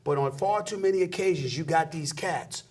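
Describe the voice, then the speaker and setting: A man's voice: a little high, moderate pace, a crowd in the background. A middle-aged man talking emphatically and preachily in a heated sports conversation. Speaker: sports commentator guest.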